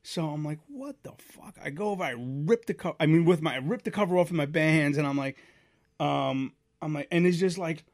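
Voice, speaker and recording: A man in his thirties co-hosting a podcast, telling a story casually and acting out the voices loudly. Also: fairly high pitch, brisk, dry recording, studio quality. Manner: animated, acts out quoted voices loudly. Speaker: podcast co-host.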